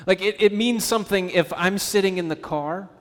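Animated preaching man, church reverb. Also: high voice, moderate pace. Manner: animated, conversational preaching with acted-out quotes. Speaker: pastor. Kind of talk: sermon. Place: church sanctuary. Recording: church hall with long reverb.

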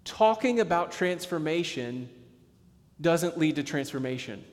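A middle-aged male pastor preaching a sermon, passionate, swinging between emphatic bursts and hushed, slowed lines. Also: on the high side, animated, in a large hall.

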